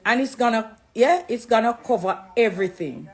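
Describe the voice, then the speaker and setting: A slightly high-pitched woman with lively intonation addresses her viewers directly in a live video at normal speed. Middle-aged and Jamaican, she's a dancehall artist turned Christian whose warm, preachy talk slides between English and patois.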